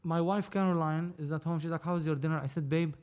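Animated storytelling film producer, a man. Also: fairly high pitch, quick pace. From Lebanon. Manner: animated, acts out dialogue, swears casually. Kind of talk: casual storytelling interview.

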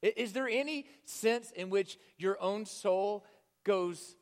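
A male preacher with a fairly high voice delivers an impassioned sermon. He swings between loud, urging calls and hushed, almost whispered phrases. A long reverb trails his words through a large hall. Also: takes it slowly. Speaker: pastor.

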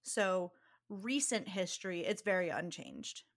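A young woman co-hosting a podcast in casual chat, an animated storyteller who laughs often. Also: on the low side, unhurried. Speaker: podcast co-host.

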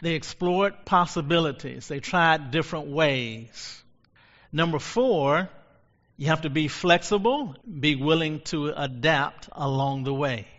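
Male pastor with a bright, forceful voice, fervent and repetitive, in a dull lo-fi recording. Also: fairly high pitch, a little slow. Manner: fervent, repeats phrases for emphasis. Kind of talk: sermon. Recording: long hall reverb, dull lo-fi sound.

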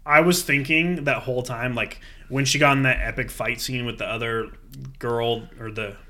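A man's voice: mid-range voice, normal speed. A man in casual, profane chat who acts out scenes and mimics characters as he retells them. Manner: lively, acts out scenes with voices.

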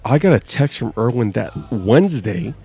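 A man's voice: mid-range voice, very animated, normal speed, gravelly, warm tone, husky. A man co-hosting a wrestling podcast in casual chat, telling loose, profane stories. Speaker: podcast co-host.

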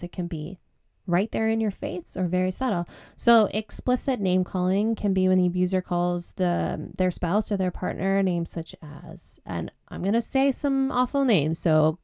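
A woman's voice: on the low side, creaky, darkish tone, no echo, studio quality. A young woman hosting a podcast, speaking earnestly and candidly, with some fillers. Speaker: podcast host and breakup coach. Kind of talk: personal podcast talk.

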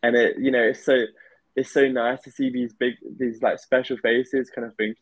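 A man, speaking as a podcast guest in a relaxed, rambling way with many "you know" fillers. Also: mid-range voice, moderate pace, dry recording, low-quality recording. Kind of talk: casual interview chat.

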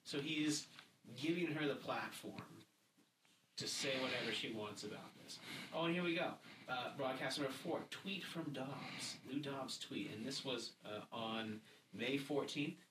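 A man's voice: medium pitch, measured pace. Man commentating from a distance. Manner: reads quotes aloud and then comments. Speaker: podcast co-host. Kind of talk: casual political commentary. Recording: roomy, distant mic with background noise.

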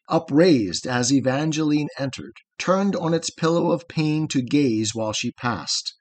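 Slow, solemn male poetry reader. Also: medium pitch, husky. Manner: solemn, unhurried, dramatic pauses. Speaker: narrator reading a poem. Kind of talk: slow measured poetry reading.

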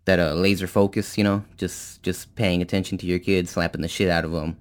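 A man's voice: low-pitched, steady tone, fairly quick. A man chatting casually on a podcast, laid-back and profane, often answering with short agreements. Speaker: podcast co-host.

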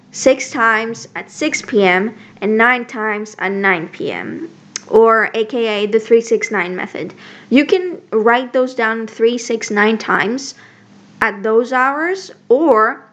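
A woman's voice: a little high, a bit bright, dull audio. A young woman vlogger talking casually to camera, chatty and full of fillers and restarts. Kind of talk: casual advice talk to camera.

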